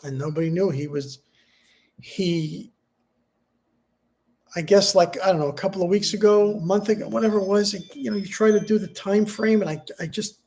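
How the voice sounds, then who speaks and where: A middle-aged man, grieving and subdued, talking haltingly in a personal vlog, with many restarts and fillers. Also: sits high, fairly even intonation, a little mellow. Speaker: vlogger.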